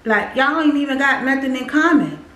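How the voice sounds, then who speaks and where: A woman's voice: high-pitched, moderate pace, fairly bright tone, reverberant, poor audio. A woman casually sharing a personal faith testimony, speaking straight to her viewers and repeating phrases for emphasis. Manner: speaks directly to viewers as "y'all".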